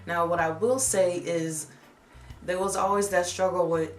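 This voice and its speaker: A woman's voice: lowish voice, unhurried, reverberant. A young woman vlogger telling a personal story in a candid, reflective way. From United States. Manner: candid, reflective, animated when retelling.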